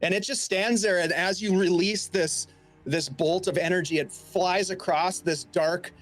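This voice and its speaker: A man's voice: high voice, steady tone, a little slow, fairly bright tone, faint music behind. Rambling man narrating as game master. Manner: rambling, filler-heavy narration.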